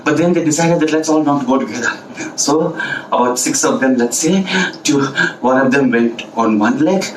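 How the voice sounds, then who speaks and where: A man, telling a story to children in a playful, animated way, repeating words and asking listeners questions. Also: mid-range voice, moderate pace. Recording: echoey room from a distance, faint background hiss.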